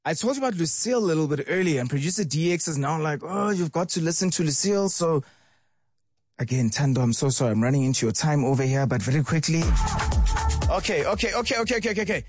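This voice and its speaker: A man with a South African accent hosting an afternoon radio show, chatty and rushed, getting emotional. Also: on the high side, animated, no room sound, soft background music. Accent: South African English. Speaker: radio host. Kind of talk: radio show chat and read ads.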